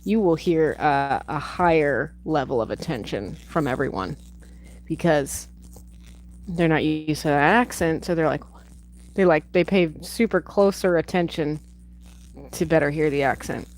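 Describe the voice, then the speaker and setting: A woman's voice: low voice, a little slow, poor audio. A woman hosting a livestream from home, chatting casually and rambling off on tangents, swearing now and then. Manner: rambling, digressive, swears freely. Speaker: livestream host reviewing a film. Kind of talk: casual chat.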